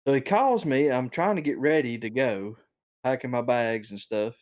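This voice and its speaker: A man, telling a rambling story on a casual podcast, chuckling as he goes and getting animated when he quotes other people. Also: medium pitch, moderate pace.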